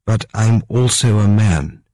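A man reading an audiobook, voicing a grave, resolute king in earnest, measured dialogue. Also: fairly low pitch, darkish tone, no room sound, pitched above the performer's own voice.

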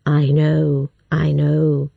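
A woman voicing a menacing older man who forces a young girl to marry him, speaking slowly in a lowered, smug voice. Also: monotone, creaky, slightly rough, dry recording, dull audio, exaggerated voice. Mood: cold.

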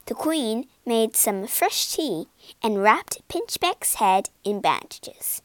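Storybook narrator: woman, high and animated, unhurried, dry close sound. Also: dry recording. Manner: slow, lively storytelling with big character voices. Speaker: storybook reader. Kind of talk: expressive storybook read-aloud.

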